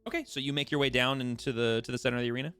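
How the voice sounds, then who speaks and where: Halting man running a tabletop game. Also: mid-range voice, steady tone, a bit bright, clean tone, soft background music. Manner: halting, many fillers. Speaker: game master.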